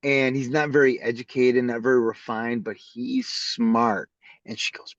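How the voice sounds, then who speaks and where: A man who is a podcast guest, telling stories in a casual, animated way and acting out the people in them. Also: medium pitch, unhurried, no room sound. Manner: animated storyteller who acts out the voices in his stories. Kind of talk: casual storytelling interview. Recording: slightly dull lo-fi audio.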